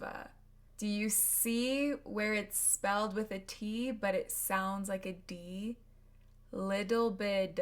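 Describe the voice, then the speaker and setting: An American woman teaching English pronunciation at a very slow, deliberate pace. She repeats each word carefully so learners can copy it. Her pitch sits in the middle range. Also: a bit bright. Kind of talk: pronunciation lesson with drills.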